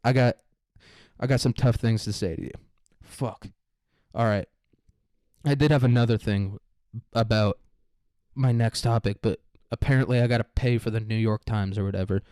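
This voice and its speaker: A man's voice: on the low side, moderate pace, pauses often, a little mellow, smooth, no echo. A young man giving casual, sarcastic news commentary, swearing constantly and riffing irreverently.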